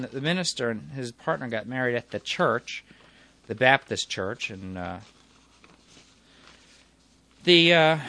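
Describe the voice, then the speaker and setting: A man's voice: mid-range voice, fairly bright tone. A man telling a personal anecdote in a meandering way, correcting himself often and chuckling as he goes. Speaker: storyteller.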